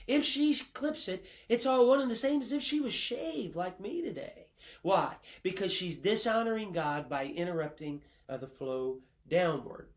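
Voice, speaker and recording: Emphatic high-voiced male Bible teacher. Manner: emphatic, quotes sources, frequent uh fillers. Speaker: Bible college professor. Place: classroom.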